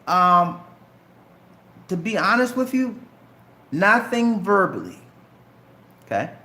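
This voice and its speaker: His voice sits high and is sing-song, slow, pushed and bright, set in an echoey room. He's a middle-aged man from Charleston, South Carolina, with a light Southern Geechee accent, casually fielding viewer questions on a live stream and addressing them directly as "man" and "bro."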